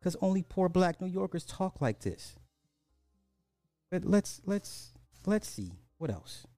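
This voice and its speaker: A man hosts a social commentary podcast in a slow, deliberate delivery. His voice sits slightly high, and he leans on blunt repeated rhetorical questions. The sound is dry and close. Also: very animated, dark tone, no echo, soft background music. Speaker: podcast host.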